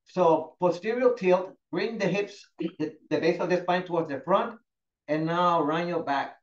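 A man leads a fitness class, counting holds and praising each student by name. His voice sits a little high. The sound is roomy and somewhat muffled, like a video call. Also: unhurried. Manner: encouraging, calls students by name. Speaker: fitness instructor. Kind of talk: live class instruction. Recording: echoey, dull lo-fi room sound.

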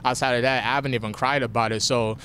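A young man answers questions right after a fight, talking frankly and at times with a catch in his voice. His voice sits in a middle pitch. A faint rumble runs under the recording. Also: fairly even intonation, fast talker, sharp tone. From family from Nigeria. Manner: candid, emotional, gets choked up. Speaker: fighter interviewed after a win. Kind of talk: post-fight interview.

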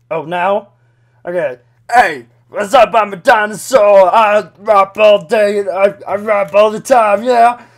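A man voicing a brash, silly male T-rex puppet on a webcam video chat, gravelly and rowdy, shouting and making mouth noises. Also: on the high side.

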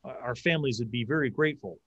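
A man's voice: medium pitch, fairly bright tone, husky, no room sound, highs cut off. A man narrating a tabletop game as game master, often restarting his sentences. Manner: halting, frequent restarts.

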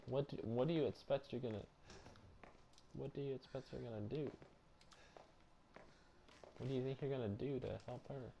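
A young man doing casual let's-play commentary on a horror game, loud, joking and slangy. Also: mid-range voice, fairly even intonation, normal speed, vocal fry, long pauses, slight background noise. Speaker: gameplay streamer.

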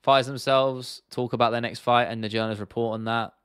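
A man hosts a casual livestream Q&A, answering chat questions in a loose, rambling and blunt way. His voice is mid-pitched and recorded close and dry. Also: steady tone, fast talker, a bit bright, clear, resonant tone, no room sound. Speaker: host.

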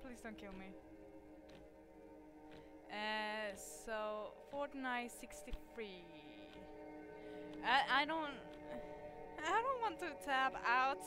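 A woman with a sore throat doing let's play commentary on a horror game, jumpy and swearing, switching between hushed muttering and loud outbursts. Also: high voice. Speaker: gamer playing a horror game.

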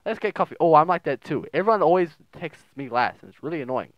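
A man's voice: fairly high pitch, expressive, quick pace, no room sound, muffled recording. Crude, joking young man playing a game. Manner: joking, crude, reads texts aloud in silly voices. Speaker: gaming video host. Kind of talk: casual let's play commentary.

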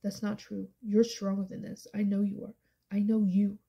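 Woman voicing a pleading young man lover, low dark tone, steady. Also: moderate pace, vocal fry, slightly rough, dull audio. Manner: pleading, earnest.

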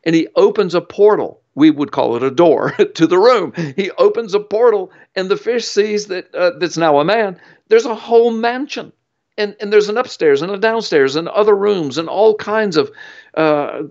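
A man's voice: on the high side, a little mellow, highs cut off. A man guest in an interview, explaining with an earnest, emphatic, preacherly storytelling manner. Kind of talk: interview teaching.

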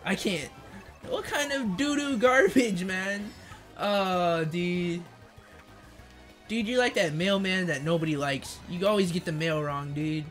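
A young man streaming a kart racing game, chatting in slang, joking, reading chat aloud and yelling at the game. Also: high voice, slow pace. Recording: faint game music behind.

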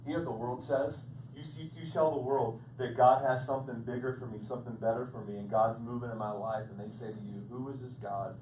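Man, pastor, sermon, repeats words building to loud points, roomy church sound, faint ambience. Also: mid-range voice, steady tone, fast talker, few pauses, a little hiss or hum. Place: church sanctuary. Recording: echoey room picked up from a distance.

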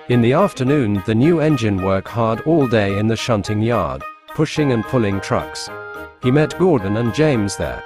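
A man narrating a fan-made storybook tale in a plain, steady reading. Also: fairly low pitch, moderate pace. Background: music.

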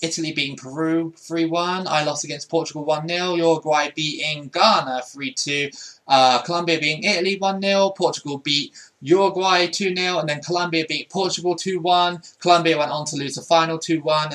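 A man's voice: a little high, sharp tone. A young man giving casual commentary over a football video game, often frustrated and swearing at it. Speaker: gaming YouTuber.

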